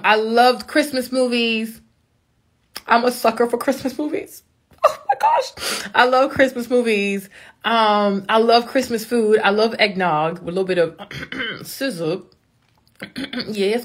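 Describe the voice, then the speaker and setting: A woman who runs a makeup brand, chatting casually on a live stream to her followers in a bubbly, excitable way that now and then jumps into high squeals. She is speaking into a phone.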